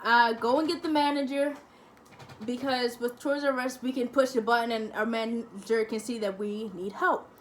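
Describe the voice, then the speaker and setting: A young woman vlogger talks straight to camera in a casual, chatty storytelling way. Her voice sits high, and she acts out the other people as she goes. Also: steady tone, normal speed, a little hiss or hum. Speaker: family-channel vlogger.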